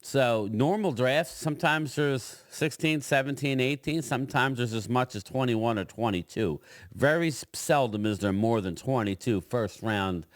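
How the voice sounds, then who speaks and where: A middle-aged man hosting a casual solo sports chat, talking in a loose, rambling way with frequent pauses and restarts. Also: mid-range voice, no echo. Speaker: host.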